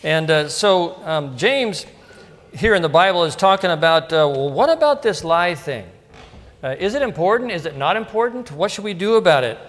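Chatty pastor preaching in a reverberant hall. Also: male voice, sits high, animated, moderate pace, fairly bright tone. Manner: casual and storytelling, with frequent asides and rhetorical questions. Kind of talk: conversational sermon. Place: church sanctuary.

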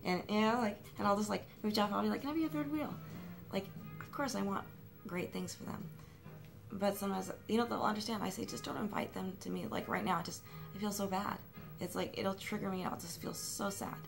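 Young woman, rambling confessional vlog, gravelly fry, self-mocking, music playing in the room. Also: mid-range voice, fairly even intonation, brisk. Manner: rambling, self-mocking, full of fillers and restarts. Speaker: vlogger. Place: at home.

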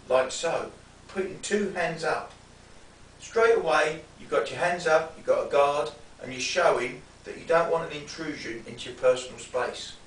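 A man's voice: fairly high pitch, distant mic. Man, self-defence instructor, checks in with "yeah?", roomy echo, faint hiss. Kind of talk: demonstration lesson.

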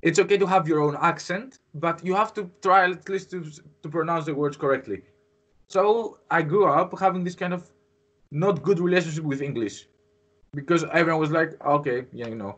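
Host, man from Greece, native Greek speaker, fairly high voice, rambling and hesitant in casual English chat. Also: a bit bright. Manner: rambling, hesitant, many fillers.

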